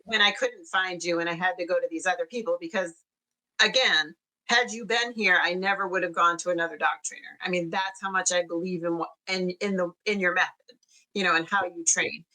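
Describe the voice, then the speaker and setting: An earnest woman dog owner, a podcast guest, with a bright voice set in a lower register. She speaks thoughtfully. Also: a little fast, rough recording. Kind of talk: casual podcast chat.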